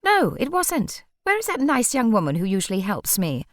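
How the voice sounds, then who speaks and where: A woman reading an audiobook voices an irritable, overbearing woman customer with a shrill, impatient manner. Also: huge pitch swings, normal speed, no room sound, clean studio sound.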